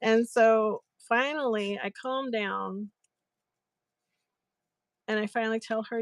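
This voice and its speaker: A woman's voice: a little high, slow pace, pauses often, dry recording. A woman hosting a live craft stream, chatting and retelling a funny story to her viewers. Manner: chatty, giggly, animated retelling. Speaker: livestream seller host. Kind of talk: casual storytelling to live chat.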